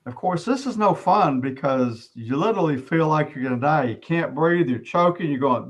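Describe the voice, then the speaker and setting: A middle-aged man tells his personal testimony as an interview guest, his voice sitting a little high for a man. He speaks earnestly, often pausing and restarting his sentences.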